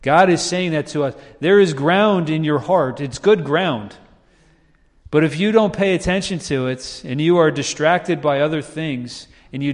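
A man preaching a sermon in a conversational style, his pitch rising whenever he acts out quoted voices. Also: long reverb tail. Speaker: pastor.

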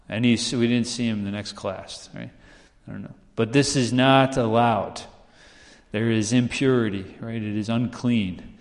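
A man's voice: mid-range voice, fairly even intonation, moderate pace. A man preaching a sermon in a conversational way, often asking "right?" and acting out the people in his stories. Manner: conversational, asks "right?" often, acts out quoted voices. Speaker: pastor. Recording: long hall reverb.

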